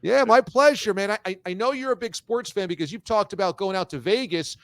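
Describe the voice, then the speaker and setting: A man's voice: high voice, a little fast, a bit bright. A man hosting a sports talk show, interviewing a guest in an upbeat, enthusiastic way. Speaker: radio and video show host.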